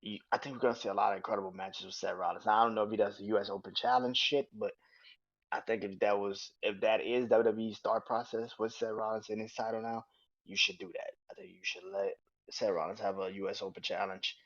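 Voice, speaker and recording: Low-voiced man, casual podcast rant, animated, dry dull lo-fi sound. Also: fast, no echo. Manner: animated, swears freely, acts out quotes in raised voices. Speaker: podcast host. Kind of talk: casual solo wrestling review.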